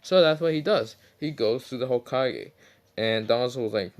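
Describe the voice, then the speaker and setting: A man's voice: medium pitch, moderate pace. Guy rambling thru a fan story, lots of uhs, swears a bit, normal voice. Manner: rambling, many fillers, swearing. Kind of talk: casual fan-fiction retelling.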